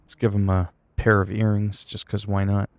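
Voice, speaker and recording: Gravelly laid-back streamer guy. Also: on the low side, monotone, moderate pace, dry recording. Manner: laid-back, swears casually, reads chat questions aloud. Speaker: livestreamer. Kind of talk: casual gaming livestream chat.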